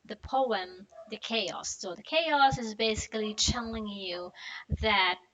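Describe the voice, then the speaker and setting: A young woman teaching a pronunciation lesson, drilling phrases and tongue twisters slowly with many "okay"s. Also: mid-range voice, a bit bright, low-quality recording. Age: young adult. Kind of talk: online lesson.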